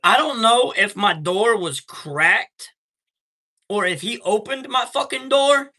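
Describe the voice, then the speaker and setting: Man, live stream host, high-pitched, piercing bright tone, profane, heated, casual storytelling. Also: expressive, slow pace. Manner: reads out and greets chat viewers.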